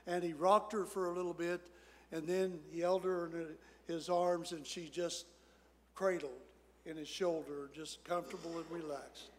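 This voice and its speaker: A man preaching a sermon as pastor, telling a story in a folksy way and dropping to soft, hushed tones at tender moments. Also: fairly high pitch, fairly even intonation, unhurried. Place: church sanctuary. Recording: church hall with long reverb.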